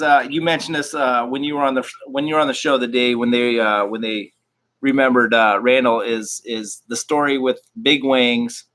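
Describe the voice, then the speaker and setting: A man hosting a casual chat, halting and often restarting his sentences. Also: fairly high pitch, pushed and bright. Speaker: host.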